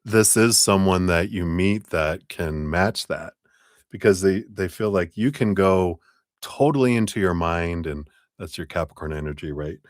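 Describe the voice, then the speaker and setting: A man's voice: deep voice, measured pace, dry recording, studio quality. A man giving a tarot reading on a livestream, rambling and chuckling, restarting his sentences. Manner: rambling, self-interrupting, chuckling. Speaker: tarot reader.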